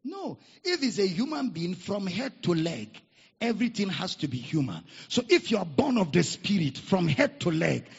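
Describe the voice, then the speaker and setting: A man's voice: sits high, big pitch swings, normal speed, vocal fry, husky. A man with a Nigerian accent preaching a sermon, leading the congregation in call-and-response repetition. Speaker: pastor. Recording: echoey hall, dull lo-fi sound.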